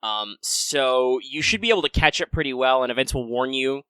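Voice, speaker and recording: A man hosting a casual live-streamed game podcast, chatty and quick through sponsor reads. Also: medium pitch, bright, forceful tone, clear, resonant tone, dry recording. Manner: chatty, fast patron list reading. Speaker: podcast host.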